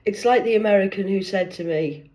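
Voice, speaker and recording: A woman's voice: medium pitch, fairly quick, dark tone. A woman from the north of England with a County Durham accent, telling a mocking story to the camera, swearing freely and acting out both sides of a phone call. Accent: County Durham English. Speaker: social media creator. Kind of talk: sarcastic storytelling monologue.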